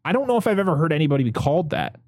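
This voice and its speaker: A man's voice: fairly high pitch, very fast, dry recording, clean studio sound. A man hosting a casual podcast, recapping a movie plot with sarcastic, swearing asides. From US, lives where beavers are common. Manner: animated, sarcastic, swears, laughs often. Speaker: podcast host reviewing a movie.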